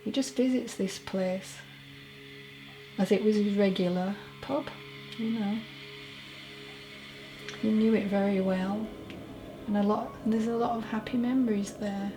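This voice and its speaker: A woman giving a solo mediumship reading as a psychic medium, talking in a halting, chatty way and correcting herself as she goes. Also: medium pitch, fairly even intonation, over music, poor audio.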